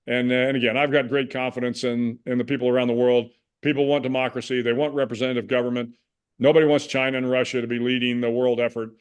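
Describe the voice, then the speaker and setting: A man in his sixties from the United States, a guest in a conversational interview, speaking in a measured, reflective way with frequent restarts. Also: medium pitch, flat delivery, smooth. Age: 60s.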